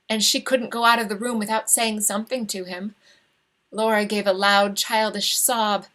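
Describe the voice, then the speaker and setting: A woman reading a literary short story aloud over a video call, slow, hushed and tender. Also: mid-range voice, flat delivery. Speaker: reader. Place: home, read live over a video call.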